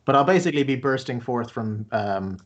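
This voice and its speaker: A man's voice: mid-range voice, animated, fairly quick, muffled recording. A man chatting casually as a player in a tabletop game, rambling and laughing.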